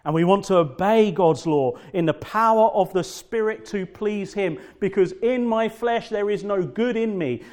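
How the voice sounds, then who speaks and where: A man preaching a sermon as pastor, fervent and emphatic, repeating phrases and slowing down to stress key words. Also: sits high, darkish tone.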